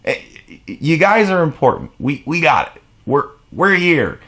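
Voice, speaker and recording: A man's voice: fairly high pitch, sing-song, measured pace, a bit bright. A man delivering a blunt, profane, exasperated rant to camera as a vlogger. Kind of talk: ranting monologue to camera.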